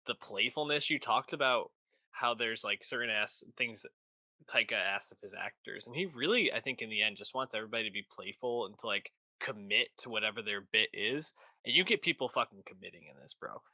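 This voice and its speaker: A man's voice: fairly low pitch, animated, a little fast, pushed and bright, dry recording. A man co-hosting a podcast, talking about a film with enthusiasm and casual swearing. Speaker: podcast co-host. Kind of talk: casual film review chat.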